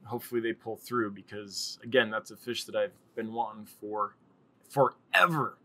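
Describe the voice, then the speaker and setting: A man's voice: fairly low pitch, steady tone, normal speed, pushed and bright. A man hosting a casual live stream, rambling and chatting with viewers and laughing often.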